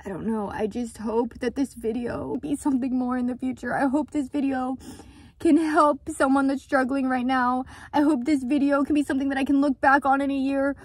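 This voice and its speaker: A woman's voice: sits high, fairly even intonation, brisk, slightly rough, no echo. A woman vlogging outdoors about running a small business, talking in an earnest, vulnerable way and repeating words for emphasis. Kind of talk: emotional confessional vlog.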